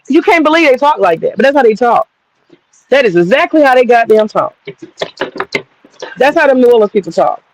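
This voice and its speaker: A woman streamer tells a casual story in a profane, rambling and lively way while she works with her hands. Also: on the high side, a little fast, long pauses, poor audio.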